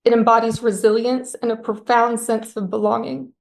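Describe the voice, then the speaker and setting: A woman reads aloud from her reflective essay in a slow, solemn and lyrical way. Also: fairly high pitch, little pitch movement, gravelly. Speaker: essay author reading aloud.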